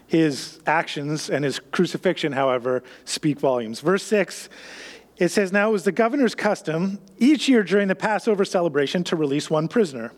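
A man preaching a sermon, acting out everyday scenes with lively, raised voices between calmer teaching. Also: fairly high pitch, normal speed, big-room sound. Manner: animated, acts out scenes in a raised voice. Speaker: pastor.

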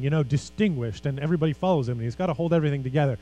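Male pastor, sermon delivery, slightly high mellow tone, emphatic but conversational. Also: lively intonation, racing, few pauses, rough recording. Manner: earnest, emphatic preaching with conversational asides.

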